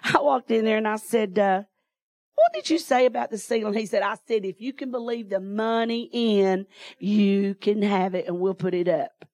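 A woman's voice: mid-range voice, expressive, moderate pace, a little mellow, no room sound. Folksy woman preacher, dry sound. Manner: folksy storytelling, laughing often. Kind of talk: sermon testimony.

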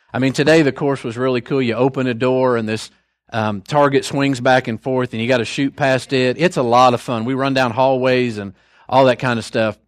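An older man delivering a sermon at a mid-range pitch, easing into casual stories and folksy asides between Bible points. The sound is dry and close, with no room echo. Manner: conversational, storytelling, folksy asides. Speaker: preacher.

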